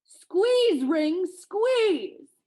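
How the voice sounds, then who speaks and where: A woman reading aloud and voicing a mean old male giant who shouts his commands. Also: very high-pitched, lively intonation, unhurried, voice pushed up. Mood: commanding.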